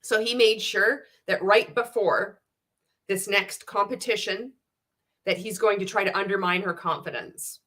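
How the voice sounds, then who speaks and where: Blunt, swearing woman with a bright edge. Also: mid-range voice, unhurried. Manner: blunt, sarcastic, heavy swearing; animated and indignant. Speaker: reaction video host. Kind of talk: candid reaction commentary, reading viewer comments.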